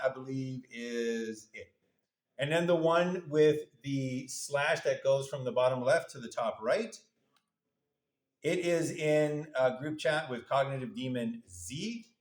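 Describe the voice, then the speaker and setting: A man's voice: mid-range voice, slow pace. A male university lecturer giving a casual classroom lecture, playfully acting out little voices for the parts of a model. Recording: echoey room.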